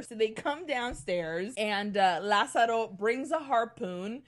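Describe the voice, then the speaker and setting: Animated woman recapping a film. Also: on the high side, measured pace, hardly any pauses. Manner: animated storyteller, mixes in Spanish phrases and swearing. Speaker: podcast co-host. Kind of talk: casual film recap chat.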